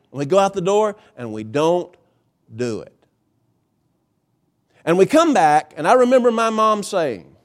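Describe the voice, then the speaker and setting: A male pastor preaching a sermon, emphatic, with dramatic pauses and swings in pitch. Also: animated.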